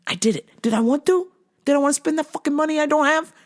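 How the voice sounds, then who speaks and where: A woman's voice: high-pitched, fast talker. A woman hosting a show, telling stories in a casual monologue, blunt and full of profanity. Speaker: host.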